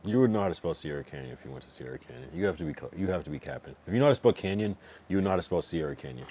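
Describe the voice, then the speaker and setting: A man in his late thirties talks on a livestream in a very low voice. He rambles loosely, swears freely and argues back at his chat. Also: animated, rapid-fire, dark tone. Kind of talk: casual stream chat.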